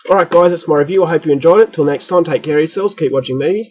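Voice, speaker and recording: A man with an Australian accent giving an opinionated, casual spoken film review, often pausing on fillers and restarting his sentences. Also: on the high side, dull audio.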